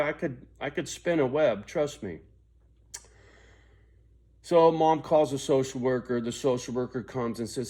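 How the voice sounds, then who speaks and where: A man's voice: mid-range voice, moderate pace, a little mellow. A middle-aged man confiding a rambling, profane personal story to his viewers. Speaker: vlogger.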